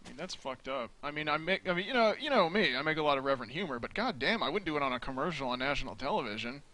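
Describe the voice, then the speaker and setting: A man's voice: a little high, expressive, pushed and bright, low-quality recording. A man in casual chat who laughs, swears and chimes in. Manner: laughing, swearing, quick to agree.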